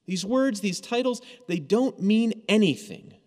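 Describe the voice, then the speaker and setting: A man's voice: high voice, a little slow, darkish tone. A man preaching a sermon in a conversational, storytelling way, acting out quoted lines as he goes. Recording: long hall reverb.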